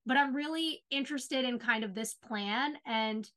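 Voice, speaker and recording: A woman co-hosting a podcast, chatting casually about a TV show in an animated, opinionated way and saying "like" often. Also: a little high, moderate pace. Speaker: podcast co-host.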